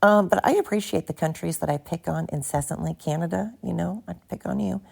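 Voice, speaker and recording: Sleepy gravelly woman podcasting on her phone. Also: on the low side, fairly quick, a little mellow. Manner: rambling, profane, self-mocking. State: tired, barely awake. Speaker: podcast host. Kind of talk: casual solo podcast monologue. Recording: phone recording with background noise.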